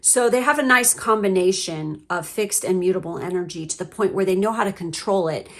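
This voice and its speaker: A woman's voice: medium pitch, fairly quick. A woman giving a casual pick-a-card tarot reading, chatty and frank, swearing freely and laughing often. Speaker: tarot reader.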